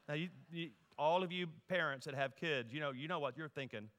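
A middle-aged man from Louisiana, preaching a humorous storytelling sermon that moves from loud to hushed. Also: a little high, quick pace, hardly any pauses. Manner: animated, humorous, folksy, shifts from loud to hushed. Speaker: guest preacher. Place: church sanctuary. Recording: long reverb in a large hall.

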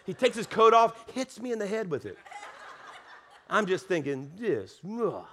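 A Southern man preaching from the pulpit, spinning a story with a lot of self-mocking humor. His voice sits fairly high and swings up and down as he acts out every beat. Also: very animated, a little slow, bright, forceful tone, slight background noise. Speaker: pastor. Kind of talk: sermon storytelling.

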